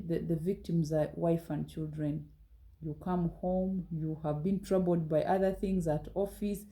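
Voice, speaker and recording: A woman gives a scolding motivational talk in a warm, mellow voice. She talks straight at her listeners, reproving them and pressing pointed rhetorical questions. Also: on the low side, low-quality recording.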